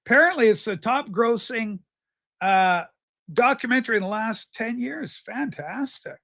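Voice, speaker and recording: A man's voice: very high-pitched, expressive, unhurried, creaky, bright, forceful tone. A man hosting a casual livestream, rambling and joking as he answers viewers by name. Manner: rambling, jokey, talks to chatters by name. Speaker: livestream host. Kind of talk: casual livestream chat reading viewer comments.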